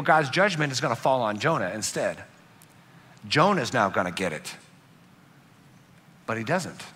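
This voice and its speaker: A man preaching a sermon to a congregation, animated, acting out angry outbursts as he tells a story. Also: fairly high pitch, slightly rough. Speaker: pastor.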